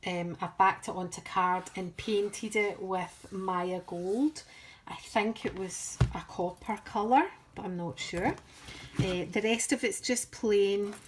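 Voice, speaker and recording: Slow, chatty British woman. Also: mid-range voice, slight background noise. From United Kingdom. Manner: chatty and rambling, self-deprecating. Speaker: craft vlogger. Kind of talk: casual craft show-and-tell.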